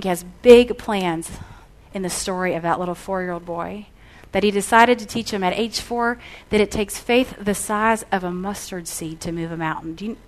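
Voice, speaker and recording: A middle-aged woman preaching to a gathering, weaving a long anecdote into her message. She brings the story to life by playing out the back-and-forth of the conversations, then settles into earnest exhortation. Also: mid-range voice. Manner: animated storyteller, acts out dialogue. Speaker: speaker. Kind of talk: storytelling sermon.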